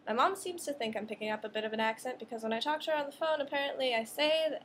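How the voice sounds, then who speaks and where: A woman's voice: high voice, fairly bright tone, a little hiss or hum. A young woman vlogging in a casual, sarcastic, ranting monologue to camera. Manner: sarcastic, ranting, quick asides.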